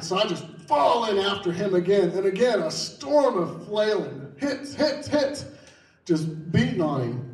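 A man with a high voice tells a vivid first-person story, quick in some stretches and slow in others. He sounds set back from the mic, and the room around him is echoey. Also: darkish tone, distant mic.

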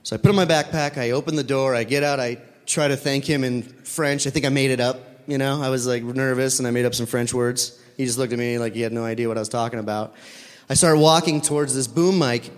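Animated man telling a story. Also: mid-range voice, fast talker, big-room sound. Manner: animated, self-deprecating, acts out dialogue. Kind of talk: casual spoken anecdote.

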